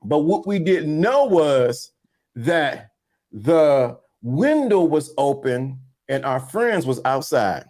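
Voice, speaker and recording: Taking it slowly in a slightly high voice, this man co-hosts a podcast and tells stories casually. He brings them to life by performing the voices of each character.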